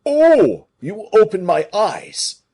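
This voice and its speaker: Loud, excitable giant soldier, put on by a husky male reader, pitched up from his own voice. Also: moderate pace, full character voice. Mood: astonished.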